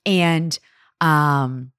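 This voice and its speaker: A young woman co-hosting a casual chat podcast, telling animated stories and acting out what people said. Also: deep voice, very slow, clean tone, dry recording, studio quality. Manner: animated storyteller, acts out quotes. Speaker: podcast co-host.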